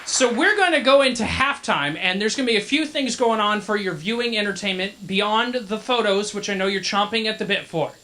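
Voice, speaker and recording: Brief: male emcee, bright voice, chatty joking banter on a handheld mic. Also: sits high, expressive, brisk, few pauses. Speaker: masquerade emcee. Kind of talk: live emcee storytelling. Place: convention event hall. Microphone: handheld microphone.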